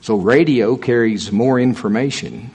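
A man preaches in an easygoing, folksy way, talking with his congregation instead of orating at them. He hammers key points, repeats them for emphasis, and tosses in dry jokes. His voice is mid-pitched, slightly rough, and unhurried.

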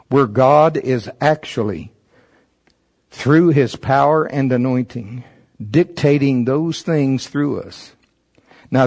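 Husky-voiced man preaching a sermon. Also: medium pitch, a little mellow. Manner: reads a text aloud and stops to comment; emphatic, rising on key words.

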